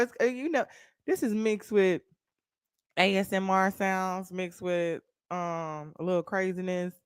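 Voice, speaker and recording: Chatting casually with her livestream audience, this Texan podcaster has a voice on the high side, captured in a dry, clean studio recording. She's animated and profane, addressing viewers directly by name and responding to what they post.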